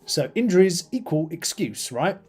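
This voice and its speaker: A middle-aged man with a British accent talks easily on a live stream, rambling and filling gaps with ums and uhs as he paints miniatures. His voice sits a little high for a man, and faint music plays softly behind him. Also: big pitch swings, normal speed, breathy edge.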